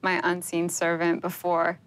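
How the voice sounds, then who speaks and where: Casual amused woman player, lowish voice. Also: monotone, measured pace, clear, resonant tone. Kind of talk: playing a tabletop game.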